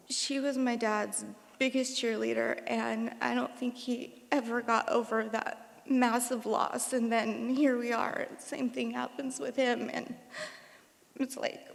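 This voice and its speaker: A woman's voice: fairly high pitch, gravelly. A woman in her forties giving an emotional, rambling eulogy for her father, with many fillers. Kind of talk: memorial tribute speech. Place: concert hall. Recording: long hall reverb.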